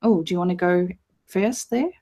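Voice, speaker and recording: A woman hosts a casual live stream over a video call, sounding easygoing and relaxed. She chats loosely with her guest and reads viewer comments aloud. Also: lowish voice, normal speed. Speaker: host.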